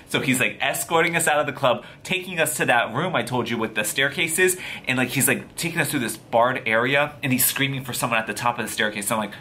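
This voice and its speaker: Guy vlogging a story, swears a lot, super animated, bright tense voice. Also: mid-range voice, fast talker, few pauses, a little hiss or hum. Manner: profane, animated, slangy retelling. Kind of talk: casual storytelling to camera.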